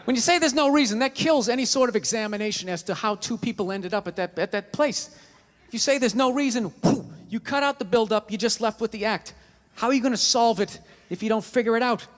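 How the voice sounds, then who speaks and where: A man performs stand-up comedy on a theater stage, ranting with lots of swearing and acting out both sides of arguments. His voice is extremely high-pitched and quick. He speaks into a stage microphone, and the recording has an echoey hall sound with faint hiss.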